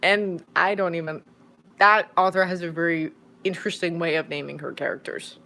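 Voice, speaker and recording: An adult woman who reads fanfiction aloud, chatting casually from home in a live-stream Q&A. She rambles and jumps into sudden bursts of excitement. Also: lowish voice, moderate pace. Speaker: fanfiction audiobook narrator and streamer.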